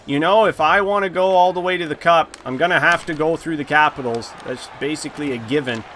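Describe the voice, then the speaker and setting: A man in his thirties giving live commentary over his own video game, swinging between grumbling and shouting. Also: fairly high pitch, fairly quick, heavy background noise. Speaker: gaming YouTuber.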